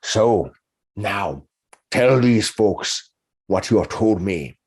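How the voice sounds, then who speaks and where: A man's voice: lowish voice, lively intonation, slow, darkish tone, slightly rough, exaggerated voice. A man doing a stern, curt orc elder. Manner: curt, commanding. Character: stern older male orc tribe member, gruff mentor.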